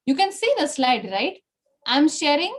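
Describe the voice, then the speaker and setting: High-voiced Indian woman teaching Spanish. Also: sing-song, a little slow. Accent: Indian English. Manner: encouraging, repeats and praises often. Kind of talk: online language class.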